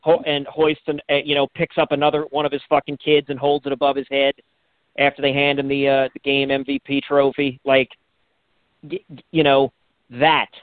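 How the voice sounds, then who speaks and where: Rambling, halting radio co-host. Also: male voice, mid-range voice, completely flat delivery, no echo. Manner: rambling, halting, lots of restarts and swearing. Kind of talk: casual sports radio banter. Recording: tinny phone-like sound.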